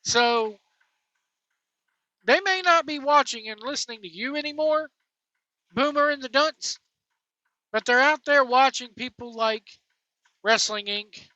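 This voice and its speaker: Blunt scornful wrestling ranter, bright-toned. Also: mid-range voice, no echo, highs cut off. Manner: blunt, scornful, name-calling. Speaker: wrestling commentary host. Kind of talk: opinionated rant.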